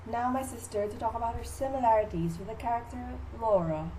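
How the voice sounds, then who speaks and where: A woman's voice: on the high side, animated, fast, hardly any pauses, dark tone, a little hiss or hum, poor audio. A teenage girl presenting a school project skit, playing a famous playwright in her own voice with a cheeky, jokey manner. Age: teens. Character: playful playwright recounting his life. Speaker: student presenter.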